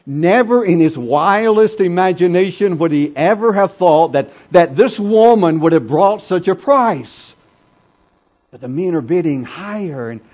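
A man preaching a dramatic sermon, telling a story with swells of intensity and drops to hushed tones, in a dull lo-fi recording. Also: on the high side. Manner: dramatic, swelling then dropping to near whispers.

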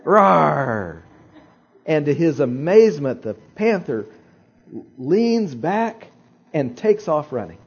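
A man preaching a sermon, telling a story in an animated way with dramatic pauses and repeated phrases. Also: on the high side, slightly rough, highs cut off. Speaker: pastor.

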